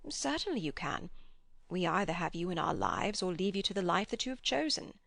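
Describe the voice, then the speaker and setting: A woman reading an audiobook, voicing a kindly old widowed man who speaks slowly, mildly and earnestly. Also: fairly low pitch, big pitch swings, gravelly, fairly bright tone, dry recording, studio quality, full character voice.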